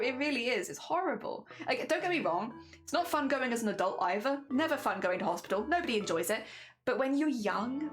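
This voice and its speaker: A young woman with a fairly high voice talks on a charity livestream, earnest and teary, halting and restarting as she goes. Faint music plays underneath her. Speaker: streamer. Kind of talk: casual charity livestream chat.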